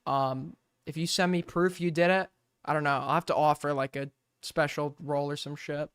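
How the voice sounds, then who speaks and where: Male streamer, smooth voice, dry close mic, sarcastic and sweary. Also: on the high side, level tone, moderate pace, a bit bright, dry recording. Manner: joking, sarcastic, rambling, swears a lot. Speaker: streamer reacting to a clip. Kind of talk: casual reaction commentary.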